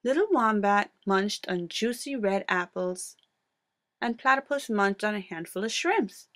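Woman storyteller, lively picture-book read-aloud. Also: mid-range voice, unhurried. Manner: expressive, playful read-aloud delivery.

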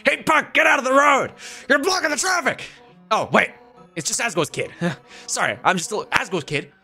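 A man's voice: high-pitched, lively intonation, normal speed, breathy edge, soft background music, heavily acted. A man putting on a brash fish-woman cop. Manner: loud, bored, tough.

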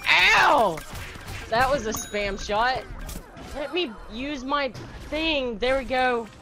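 Bright-voiced joking male gamer. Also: extremely high pitch, takes it slowly, faint music behind. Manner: joking, offhand teasing. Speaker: co-op teammate. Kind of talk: casual gaming banter.

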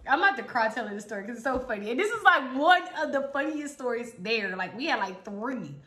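A young woman with a Houston accent tells a storytime vlog in a high, lively voice that leaps up and down. Her tone is bright, she laughs often, and she acts out every line of dialogue. The room sounds echoey. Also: fast, a little hiss or hum. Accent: Houston, Texas. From Houston, Texas. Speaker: vlogger. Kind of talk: casual storytime.

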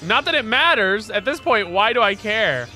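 A young man commenting on a video game as he plays, excitable and prone to loud, swearing outbursts. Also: sits high, normal speed. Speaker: gaming streamer. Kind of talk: let's play commentary. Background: game music.

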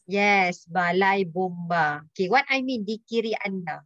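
A woman's voice: medium pitch, moderate pace, fairly bright tone, no echo. A woman teacher with a Malaysian accent quizzing her students, slipping Malay words and "lah" into her English. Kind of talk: online language lesson. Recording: dull lo-fi dry voice.

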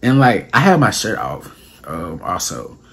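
Animated husky young man telling a story. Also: deep voice, measured pace. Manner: animated, slangy, acts out quotes with voice jumps. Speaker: storyteller vlogger. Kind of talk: casual storytime.

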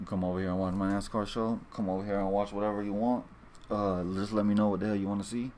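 A man's voice: on the low side, flat delivery, fast, a little mellow, slight background noise. Rambling, profane man talking straight to viewers. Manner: rambling, profane, repeats and restarts a lot. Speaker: fantasy sports video host. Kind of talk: casual monologue to viewers.

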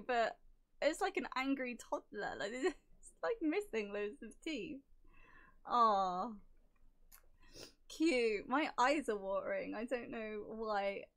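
A woman whose voice is going hoarse, chatting casually and giggling as she opens trading cards. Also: a little high, a bit bright. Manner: giggly, self-mocking, gushing over cute cards. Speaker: card-opening vlogger. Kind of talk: casual unboxing chat.

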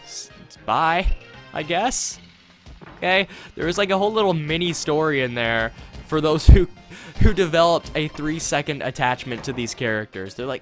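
A man's voice: fairly high pitch, animated, normal speed, faint music behind. A man rambling and joking while commentating a video game playthrough. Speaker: let's play host. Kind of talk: gameplay commentary.

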